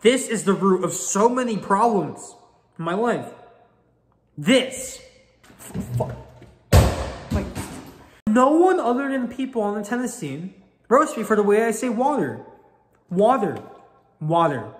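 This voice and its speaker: A frustrated young man in his late teens vents about an embarrassing story, his pitch swinging widely as he swears and pleads. His voice trails into a long reverb. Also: measured pace, long pauses. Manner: exasperated, swearing, animated. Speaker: vlogger. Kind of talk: casual storytelling.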